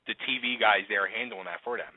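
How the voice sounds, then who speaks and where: A man's voice: lowish voice, fairly even intonation, a little fast, no echo. A male radio co-host asking short questions and reacting briefly. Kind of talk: casual radio interview. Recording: dry phone-like radio audio.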